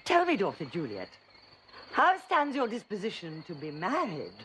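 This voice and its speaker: A commanding noble mother in classical verse. Her voice is low-set but swings widely in pitch as she declaims each line with formal, measured weight. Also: huge pitch swings, noisy background. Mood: stately.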